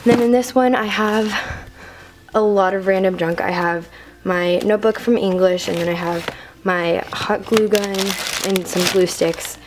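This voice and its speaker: A woman's voice: mid-range voice, fairly even intonation, unhurried, noisy background. A teenage girl giving a rambling, filler-heavy room-tour vlog to a handheld camera in her bedroom. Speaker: vlogger.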